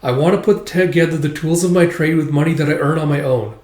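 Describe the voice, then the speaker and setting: A determined young woman storyteller, read out by a man, earnest and firm. The voice sits a little high. An echo from the roomy space surrounds it. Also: fast talker, a little mellow, natural voice.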